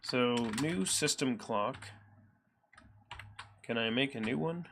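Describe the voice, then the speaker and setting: A man's voice: medium pitch, slow pace, creaky, a bit bright, a little hiss or hum. A man with an American Midwest accent hosts a live coding stream, thinking aloud with lots of ums and reading chat messages aloud. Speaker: livestream programmer host.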